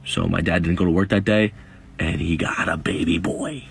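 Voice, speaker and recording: Low, gravelly young man. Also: steady tone, moderate pace. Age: 20s. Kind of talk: casual storytime.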